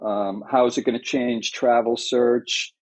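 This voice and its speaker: A man's voice: medium pitch, steady tone, unhurried, darkish tone, low-quality recording. A man with a New York accent chatting on a podcast as an editor, opinionated and full of fillers and restarts. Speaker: executive editor and interviewer. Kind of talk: casual podcast chat.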